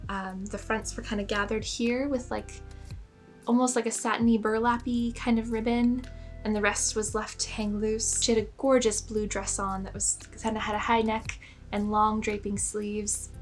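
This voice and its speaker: A woman's voice: medium pitch, little pitch movement, a little slow, faint music behind. A young woman telling a personal story in a casual vlog, chatty and self-mocking, full of "like" fillers. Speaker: spiritual storyteller.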